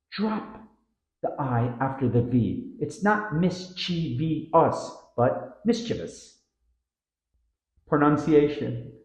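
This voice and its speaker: A man's voice: medium pitch, a little mellow, roomy sound, poor audio. A man narrating a scripted pronunciation lesson, drawing out the words he models. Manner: slow, drawn-out model words with stressed syllables. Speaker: pronunciation teacher.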